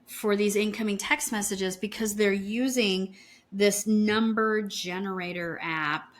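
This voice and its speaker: A woman in her fifties co-hosts a podcast, retelling a true-crime story bluntly and indignantly while swearing freely. Her voice is medium-pitched, with a steady tone and measured pace.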